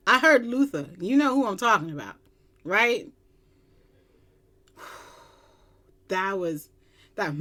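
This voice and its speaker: A woman from Long Island, chatting casually as a music reaction vlogger at her computer, excitable and giddy, with bursts of squealing. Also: mid-range voice, slow pace, long pauses. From Long Island, New York. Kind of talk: casual chat.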